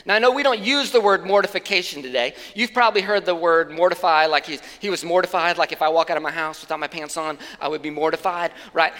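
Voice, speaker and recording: A man's voice: on the high side, fast talker, hardly any pauses, sharp tone, in a large hall. A man preaching a sermon as pastor, in a conversational, plain-spoken way with casual asides, speaking from a church stage.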